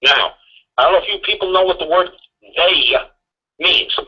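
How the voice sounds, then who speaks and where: A man's voice: high voice, moderate pace, husky. A man on a call-in talk show, lecturing insistently with repeated rhetorical questions and some swearing, heard through a muffled lo-fi broadcast recording. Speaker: guest speaker on a call-in show. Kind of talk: emphatic talk radio lecture.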